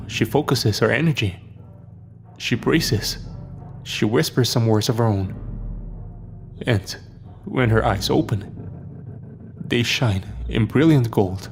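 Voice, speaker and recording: A man narrating a scripted horror story in a dramatic, measured way. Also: medium pitch. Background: soft background music.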